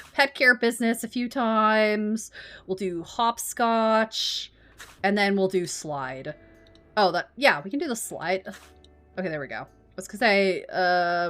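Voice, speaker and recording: Casual woman streamer with a lively pitch. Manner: reads game text aloud, casual swearing. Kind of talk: casual gameplay commentary.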